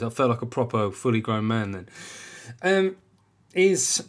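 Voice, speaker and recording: A man's voice: lively intonation, normal speed. Guy in his forties ranting on his podcast, blunt, swears a lot, keeps saying right. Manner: restless pitch jumps when emphatic. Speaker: podcast host. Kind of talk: casual podcast monologue.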